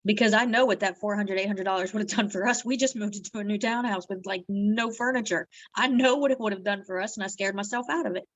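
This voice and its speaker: A woman's voice: medium pitch, quick pace, few pauses. A woman leading a direct-sales team, speaking earnestly in a heartfelt motivational live video and often asking "right?". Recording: dull lo-fi audio.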